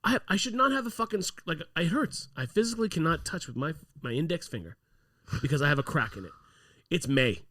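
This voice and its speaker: A man's voice: a little high, expressive, brisk, fairly bright tone, no room sound, studio quality. A man co-hosting a casual podcast, ranting in mock anger with lots of swearing. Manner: profane, ranting, mock-angry. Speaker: podcast co-host. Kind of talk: casual chat. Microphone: podcast microphone.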